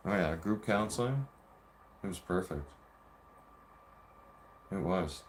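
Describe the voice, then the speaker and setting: A low-voiced man vents to his viewers in a loose, profane storytelling rant. He keeps slipping into heated re-enactments of old arguments. Faint background noise sits under the recording. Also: expressive, slow pace. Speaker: vlogger.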